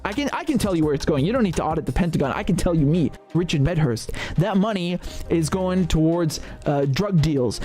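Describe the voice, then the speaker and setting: A man's voice: a little high, expressive, a little fast, mellow. A man hosting live political commentary, indignant and sarcastic, swearing freely as he rants. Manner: indignant, sarcastic, profane ranting. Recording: faint music behind the voice.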